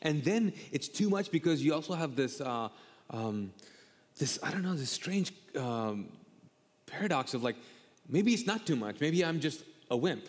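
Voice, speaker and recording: A male pastor preaching a sermon and chatting with a co-host. He is animated, repeats himself and acts out quotes. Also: on the high side, moderate pace. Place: church auditorium. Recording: long hall reverb.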